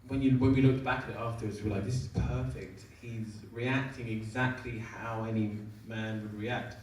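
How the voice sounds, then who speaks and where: A man speaking as a screenwriter and actor at a festival Q&A, telling lively anecdotes in a self-deprecating, apologetic way. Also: fairly low pitch, moderate pace. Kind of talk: festival Q&A panel answers. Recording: echoey hall, distant mic, clear noise.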